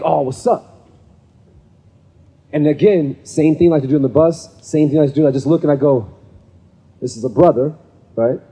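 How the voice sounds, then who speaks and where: His voice is on the high side, mellow and a little rough as he speaks to a live audience at a men's gathering in an event venue. Telling stories conversationally, he keeps asking "right?" and plays the characters himself, all under the long reverb of a hall.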